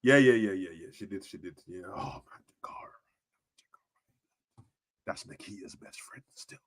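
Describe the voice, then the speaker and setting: A young man chatting casually on a live stream about wrestling, full of slang, jumping between shouting and near-whispers. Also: deep voice, moderate pace.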